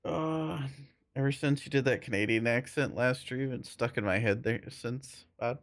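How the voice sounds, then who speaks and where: A man's voice: medium pitch, normal speed, dry recording, studio quality. A man streaming a game, chatting casually with viewers in a laid-back, joking way and chuckling often. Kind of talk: casual chat while playing and reading chat.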